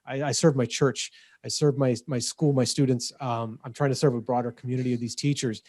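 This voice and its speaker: A man co-hosting a podcast, talking in energetic, quick bursts with lots of restarts. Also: mid-range voice, no room sound, studio quality. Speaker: podcast co-host. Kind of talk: casual podcast chat.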